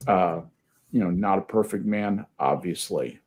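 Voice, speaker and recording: A male podcast host in a casual group chat, talking haltingly with restarts and wry jokes. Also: deep voice, a little mellow, breathy edge.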